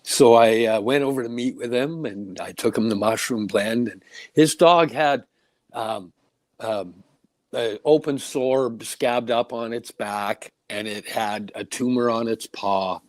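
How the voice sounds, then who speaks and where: A man's voice: fairly low pitch, no room sound. A man co-hosting a casual podcast chat, telling long earnest stories. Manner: earnest, rambling storyteller. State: getting emotional.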